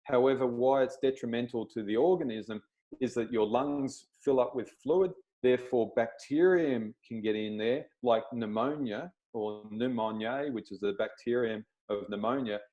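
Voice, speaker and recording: A man's voice: mid-range voice, normal speed, dark tone, low-quality recording. A man, a chiropractor, giving a plain-spoken explanatory talk over a video call and checking in with his listeners.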